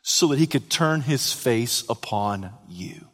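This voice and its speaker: A man preaching a sermon, swinging dramatically from hushed, quiet lines to loud, shouted ones. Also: mid-range voice, lively intonation, takes it slowly. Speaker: pastor. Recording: long hall reverb.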